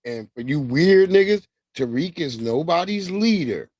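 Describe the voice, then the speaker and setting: A man's voice: fairly high pitch, expressive, unhurried, darkish tone, no room sound. Profane, laughing male livestream host. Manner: loose, profane, laughing, slangy storytelling. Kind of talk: casual commentary monologue.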